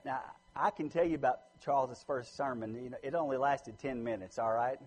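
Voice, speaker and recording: A man from the United States preaching a sermon, swinging between loud emphatic lines and low quiet ones. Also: fairly quick, poor audio. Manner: lively preaching, rising loud for emphasis then dropping low.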